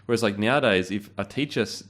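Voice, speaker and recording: A man's voice: lowish voice, fast talker, a bit bright. A man hosting a casual chat, laid-back and blunt, swearing freely. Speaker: host.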